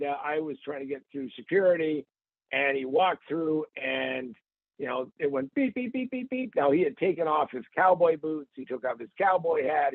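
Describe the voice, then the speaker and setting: A man hosts a podcast in a loose, joking way, telling stories with playful asides. His voice sits a little high, with a gravelly, husky edge. It comes through a tinny, phone-like line with a dry sound. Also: no echo. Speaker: podcast host. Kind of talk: casual comic podcast chat.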